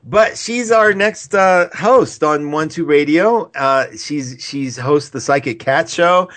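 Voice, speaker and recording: A man's voice: on the high side, takes it slowly, fairly bright tone. Chatty, affectionate male radio host. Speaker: radio show host and astrologer. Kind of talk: casual call-in chat.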